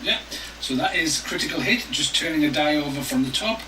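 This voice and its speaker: Calm man explaining a game, distant echoey mic. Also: a little high, fairly quick, crowd noise. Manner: calm, step by step. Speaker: game player explaining rules. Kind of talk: rules walkthrough and game narration. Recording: roomy distant mic, noisy.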